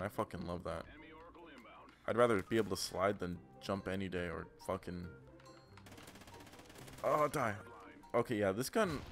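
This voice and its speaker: Low-voiced young man ranting over gameplay. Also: fairly bright tone. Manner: profane, ranting, trash-talking. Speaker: gaming channel host. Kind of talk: gameplay commentary.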